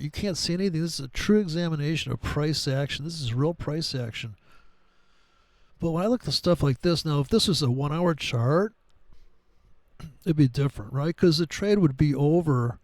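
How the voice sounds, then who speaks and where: A man's voice: on the high side, a little mellow, dry recording. Profane rambling man, close dry mic. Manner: profane, wisecracking, digressive. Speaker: trading commentator. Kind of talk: casual rambling chart commentary.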